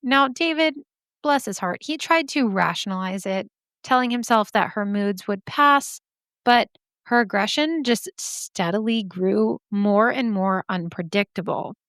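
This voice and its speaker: A woman hosts a true-crime podcast in a relaxed, chatty way. Her voice sits in an ordinary middle range and is recorded dry and close, with almost no room sound. She laughs often and breaks in with sassy asides. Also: medium pitch, unhurried, clean tone, dry recording. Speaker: podcast host. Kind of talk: casual true-crime storytelling.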